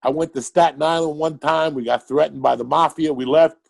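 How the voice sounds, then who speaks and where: An older man from Cuba, raised in New York City, with a New York accent, telling stories in a profane, excitable podcast chat as a guest comedian. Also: fairly high pitch, a little fast, gravelly.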